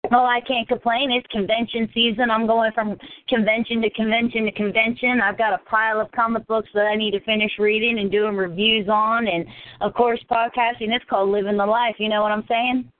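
A chatty woman from hosts her podcast in a higher voice and jokes about herself as she goes. The sound is thin and phone-like, dry with no room. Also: level tone, a little fast, no echo. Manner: chatty, self-joking. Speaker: podcast host. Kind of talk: casual interview chat. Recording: tinny, phone-like dry audio.

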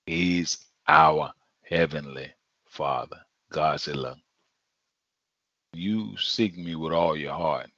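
A man's voice: a bass voice, slow pace, long pauses, pushed and bright, dry recording. A man preaching a sermon in a conversational, emphatic way, repeating phrases for effect. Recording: dull lo-fi sound.

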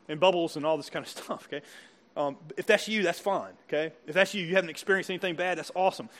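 A man's voice: high voice, very fast, bright, forceful tone. A pastor preaching a sermon to a church congregation, conversational and full of questions to his listeners. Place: church service before a congregation.

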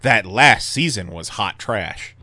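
Male podcast co-host, lively bright delivery, casual and profane, dry close recording. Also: on the low side, slow pace, no echo. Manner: animated, laughs often, swears casually.

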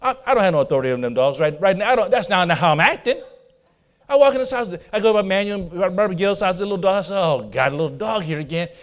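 A man preaching a sermon in a somewhat high voice, bold and emphatic. He drops into soft asides between his loud declarations and speaks straight to his congregation. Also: lively intonation, fast, highs cut off. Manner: laughs at himself, talks to the congregation. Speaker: pastor.

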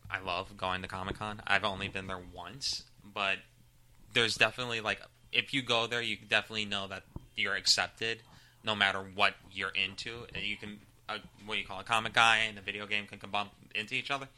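Earnest man with a bright, sharp voice. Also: fairly low pitch, fairly even intonation, a little fast. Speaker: podcast panelist. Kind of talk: casual podcast chat.

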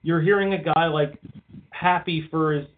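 A man's voice: on the high side, steady tone, moderate pace, slight background noise. A man co-hosting a podcast in casual, rambling chat, swearing freely and leaning on "like" a lot. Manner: rambling, swears often, leans on "like". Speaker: podcast co-host. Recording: tinny phone-like line.

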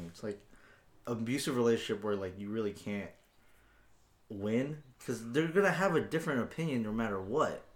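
A man's voice: lowish voice, animated, moderate pace. A young man co-hosting a podcast, chatting casually, swearing and laughing often. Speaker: podcast co-host. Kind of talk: casual chat. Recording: echoey room.

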